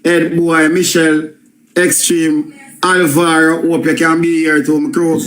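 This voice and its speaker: A man's voice: fairly high pitch, flat delivery, unhurried, a bit bright, rough recording. A man with a Jamaican accent announcing show times in a casual podcast chat.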